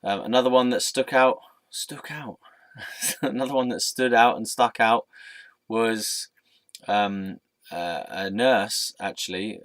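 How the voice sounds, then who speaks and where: A young man telling a personal story in an earnest, reflective, soft-spoken way. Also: low-pitched, no room sound. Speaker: vlogger.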